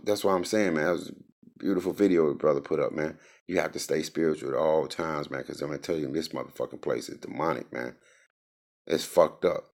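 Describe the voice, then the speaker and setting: A man's voice: a bass voice, vocal fry. A man ranting in a casual, profane, rambling monologue, heated and restless. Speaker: host. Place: Indianapolis.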